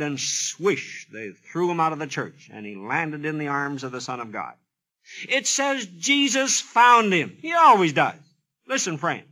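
Bright, high-pitched dramatic radio preacher. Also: male voice. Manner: dramatic, acts out biblical dialogue; emphatic, repetitive questioning. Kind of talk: radio sermon.

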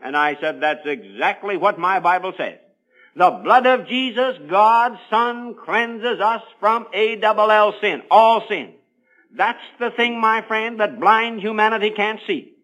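Radio preacher, male, high bright voice, earnest storytelling sermon. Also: measured pace, low-quality recording.

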